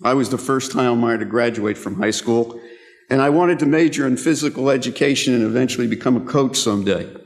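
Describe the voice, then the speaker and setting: A man's voice: mid-range voice, fairly quick. A man in his sixties giving a formal award acceptance speech at a rostrum, self-deprecating and humorous as he tells stories. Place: large ceremony hall, at a rostrum. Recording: long reverb of a large hall.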